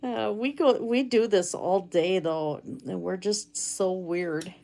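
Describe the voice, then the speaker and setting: A woman's voice: on the low side, slow pace, vocal fry, warm tone. A woman live streaming from her cabin, chatting casually and reading viewer comments aloud while she makes chainmaille jewelry. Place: home cabin.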